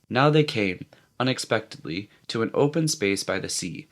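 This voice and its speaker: A man reading a novel aloud in a steady, measured narrating voice. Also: fairly low pitch. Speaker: reader.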